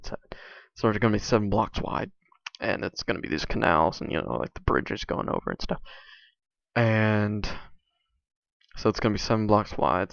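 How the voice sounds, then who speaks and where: A young man talks loosely over his game in a low, gravelly voice, halting often and leaning on fillers and restarts. The recording is dull and lo-fi, with a dry, close sound. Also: no echo. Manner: halting, filler-heavy, many restarts and likes. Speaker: video creator. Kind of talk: casual rambling commentary over gameplay.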